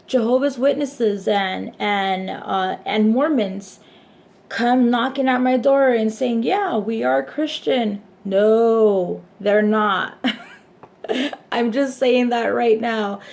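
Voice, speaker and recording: Young woman, creaky gravelly edges, casual vlog chat, rambling, laughing between sentences. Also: fairly high pitch, darkish tone. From Hispanic background, raised in the US. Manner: chatty and rambling, laughs often, voices others in quotes.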